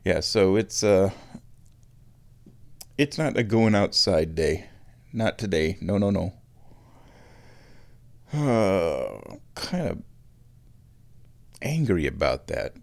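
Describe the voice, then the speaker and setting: A young man talks alone at an unhurried pace, drifting from topic to topic and correcting himself as he goes. His voice sits a little low, and he laughs at his own asides. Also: lively intonation, creaky, no room sound. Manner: rambling, self-correcting, chuckling asides. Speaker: show host, committee chairman. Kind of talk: casual solo commentary while watching football.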